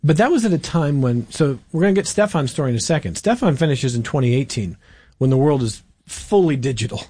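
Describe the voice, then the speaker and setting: A man leads an interview with measured, thoughtful questions. His voice sits in an ordinary middle register. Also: mid-range voice, lively intonation, mellow, husky. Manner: probing, reflective questions. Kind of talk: interview conversation.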